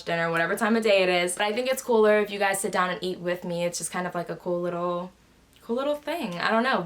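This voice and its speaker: A woman YouTuber chatting excitedly in a casual vlog while eating on her bed at home. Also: medium pitch.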